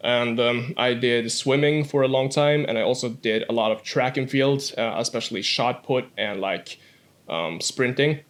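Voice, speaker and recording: A young man in his twenties from Norway with a Norwegian accent, guest on a casual podcast, saying "like" a lot and often clearing his throat. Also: medium pitch, normal speed. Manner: says "like" often.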